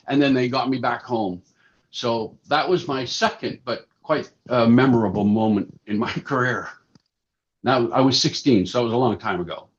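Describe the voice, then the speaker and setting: Chatty older man telling stories. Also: a little high. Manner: chatty, animated anecdotes. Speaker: puppeteer and actor, podcast guest. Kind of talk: casual interview storytelling. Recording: slightly dull lo-fi sound.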